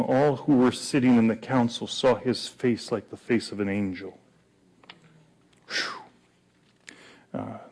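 A male pastor preaching a sermon in a conversational, animated way with fillers and pauses. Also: medium pitch.

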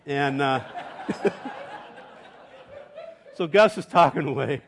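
A middle-aged male pastor preaching a sermon, moving between soaring emphatic proclamation and hushed, chuckling storytelling. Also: on the high side, slow, background noise.

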